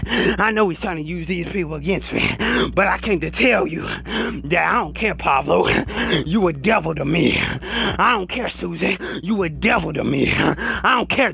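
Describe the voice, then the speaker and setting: A man with a high, bright voice preaches a ranting mock sermon straight at his critics. His tone is gravelly and husky, and he keeps breaking into laughter between lines as he swears at them. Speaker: podcaster.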